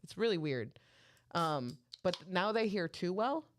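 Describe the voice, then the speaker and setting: Low-voiced woman podcast co-host. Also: unhurried, slight background noise. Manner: animated storyteller acting out family dialogue. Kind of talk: casual chat.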